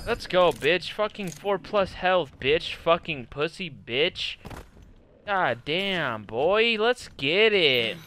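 A young man raging and swearing through live gameplay commentary, yelling at opponents. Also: fairly high pitch, lively intonation, slow. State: angry and agitated. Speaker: gaming streamer.

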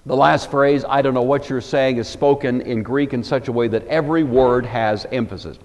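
A man's voice: medium pitch, fairly even intonation, normal speed, hardly any pauses, a little mellow, in a large hall, muffled recording. A man from the Pacific Northwest giving a Bible study lecture, emphatic and wry, with conversational asides. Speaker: Bible teacher.

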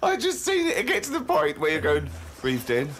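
A man's voice: fairly quick, a little hiss or hum. A man co-hosting a comedy podcast, gleefully mocking a friend's diary. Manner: gleeful and mocking, lively pitch. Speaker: co-host. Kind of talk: comic banter.

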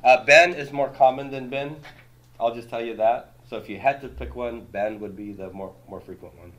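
A man's voice: mid-range voice, normal speed, dull audio. A man teaching a Hebrew grammar class, explaining patiently and quizzing his students with questions and homely comparisons.

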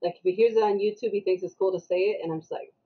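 A woman guest on a podcast, telling a story in a casual, animated way and acting out the people in it. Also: mid-range voice, very fast, slightly rough, dull audio. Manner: animated, acts out the people she quotes.

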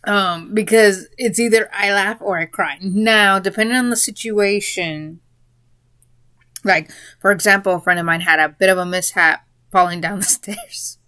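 A woman's voice: mid-range voice, moderate pace, sharp tone, no room sound. A woman in a casual spoken monologue, rambling a little and breaking into giggles mid-sentence. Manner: rambling, with fillers and restarts. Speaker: vlogger.

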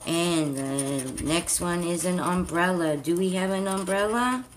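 Woman, vlogger, slow chatty delivery, slightly low voice, faint background noise. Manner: chatty, talks to viewers as "guys", mild cursing. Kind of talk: casual chat to viewers while playing a scratch-off card.

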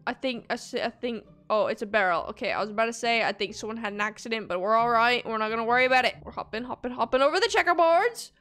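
Squealy excitable woman, lively high voice. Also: fast, hardly any pauses, faint music behind. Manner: excitable, squealing and gasping at each obstacle. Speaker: gaming video creator. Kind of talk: playthrough commentary.

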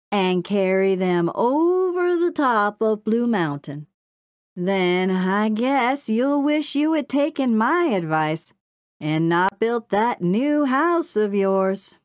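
A woman's voice: mid-range voice, sing-song, takes it slowly, no echo, studio quality, pitched above the performer's own voice. A woman voicing a lazy, teasing male beaver in a storybook reading.

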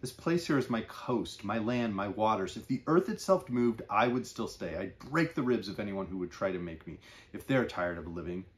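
A man reading aloud as a stubborn middle-aged fisherman, declaring his words with firm passion in a low voice. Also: animated, moderate pace, lightly acted. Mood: defiant.

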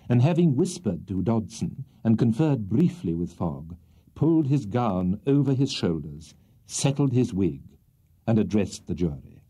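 A man reading a classic novel aloud as a children's audiobook, with expressive, measured storytelling. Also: lowish voice, husky. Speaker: audiobook reader. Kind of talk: scripted storybook narration.

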